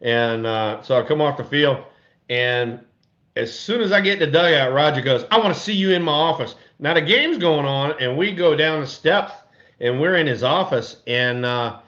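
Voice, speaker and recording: An older former ballplayer telling stories in casual podcast chat, animated and acting out quotes in a raised voice. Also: male voice, mid-range voice, normal speed. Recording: dull lo-fi audio.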